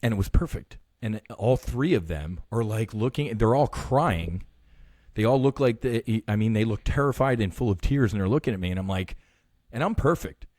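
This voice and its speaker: Low-voiced man in his fifties, dry sound. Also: animated, darkish tone, dry recording. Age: 50s. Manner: earnest, halting retelling with many restarts. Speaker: podcast guest. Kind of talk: personal storytelling in conversation.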